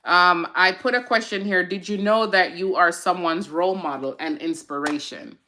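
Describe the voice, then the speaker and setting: A woman's voice: fairly low pitch, normal speed, sharp tone. A woman hosting a casual live-stream chat on mental health, chatty and encouraging. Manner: chatty and encouraging, with fillers and side remarks to viewers. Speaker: host of a mental health segment.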